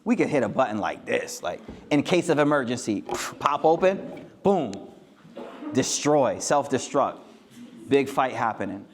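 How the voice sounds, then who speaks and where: Man giving a lively, slangy talk. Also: mid-range voice, a little slow. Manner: lively and joking, with street slang. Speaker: Islamic speaker. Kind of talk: casual talk to a live audience.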